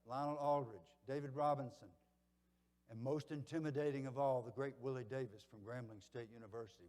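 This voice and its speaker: A man in his seventies with a Southern accent gives a motivational keynote at a banquet, telling stories dramatically and swinging from hushed to loud. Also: mid-range voice, big-room sound. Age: 70s. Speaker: keynote speaker. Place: large banquet hall.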